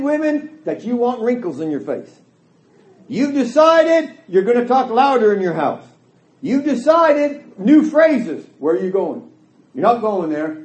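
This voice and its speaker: A middle-aged man delivers a sermon with an emphatic, folksy manner. His voice sits very high and swings widely in pitch. The hall around him is echoey. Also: a little mellow. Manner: emphatic, folksy, quotes dialogue in character voices. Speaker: preacher.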